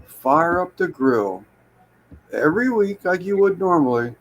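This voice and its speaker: Gravelly man, slow and emphatic. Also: high-pitched, expressive, muffled recording. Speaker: guest in a live chat. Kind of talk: casual chat.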